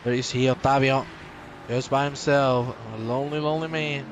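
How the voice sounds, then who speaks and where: A man giving live sim racing commentary, energetic and joking with his co-host between race calls. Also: mid-range voice, normal speed, slight background noise.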